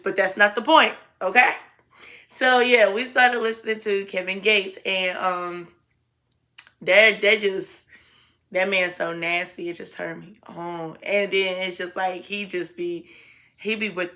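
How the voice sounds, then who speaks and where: A woman's voice: lowish voice, sharp tone. A young woman telling a dramatic story to her viewers in a chatty, slangy, casual way. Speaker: storytime vlogger.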